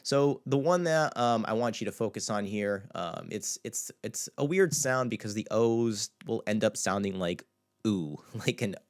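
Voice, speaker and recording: Male language teacher, slightly low voice, easygoing, models sounds by slow repetition. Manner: relaxed, repeats words slowly to model sounds. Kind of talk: casual video lesson.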